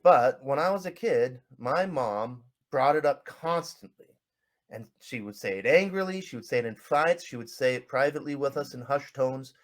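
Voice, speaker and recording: Animated storytelling man on a podcast. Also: mid-range voice, moderate pace. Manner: animated storytelling with quoted voices. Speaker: podcast co-host. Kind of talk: casual podcast conversation.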